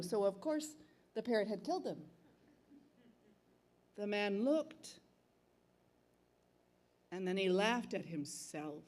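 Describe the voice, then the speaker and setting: A middle-aged woman storyteller telling a folktale live in a museum theater, with dramatic, expressive delivery. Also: medium pitch, unhurried, pauses often. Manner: expressive, dramatic shifts between calm and loud.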